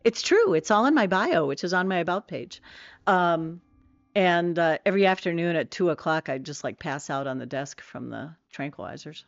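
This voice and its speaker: A woman's voice: low voice, moderate pace, creaky, no room sound, lo-fi sound. A middle-aged woman streaming a game, chatting casually with viewers in a rambling way full of fillers and self-corrections.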